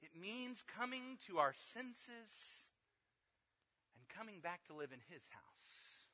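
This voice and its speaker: Male pastor preaching, very bright tense voice, loud calls dropping to hushed endings, dull lo-fi sound. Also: high-pitched, sing-song, takes it slowly. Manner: swings from loud emphatic calls to quiet near-whispered endings. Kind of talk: sermon.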